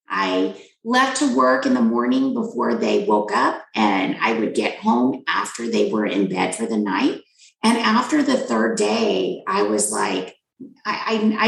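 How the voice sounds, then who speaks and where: Gravelly, lively-voiced woman telling her story. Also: fairly low pitch. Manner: frank, animated, emphatic repetition. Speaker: physician guest. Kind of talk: candid personal storytelling. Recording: roomy echo.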